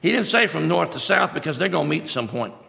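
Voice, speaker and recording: A man's voice: on the high side, sing-song, fast, vocal fry, pushed and bright. A male preacher giving a sermon, emphatic, repeating his key phrases. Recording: long hall reverb.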